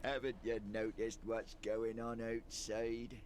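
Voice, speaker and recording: A man's voice: medium pitch, flat delivery, slow, a little mellow, natural voice. An actor playing a drowsy, evasive dock worker in his thirties in a video game, giving curt answers. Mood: surly. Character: sleepy, surly thirty-something male dock worker.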